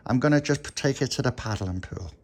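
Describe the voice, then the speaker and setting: A man voicing an excitable little boy in a spoken bedtime story, in a high squeaky childlike voice. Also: fast, vocal fry. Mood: excited. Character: excitable little boy who owns the boat.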